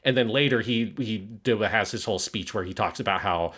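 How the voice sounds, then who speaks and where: A man's voice: fairly low pitch, a little fast, a bit bright. A man co-hosting a film review podcast, analyzing scenes with swearing and passion. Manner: profane, impassioned analysis with acted quotes. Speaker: podcast co-host. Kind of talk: casual film review discussion.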